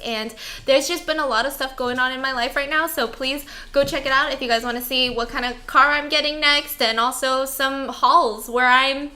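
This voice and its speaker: A woman's voice: sits high, pushed and bright. A young woman hosting a casual chat video, joking and laughing often as she talks. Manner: playful, laughs a lot, jokey. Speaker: host.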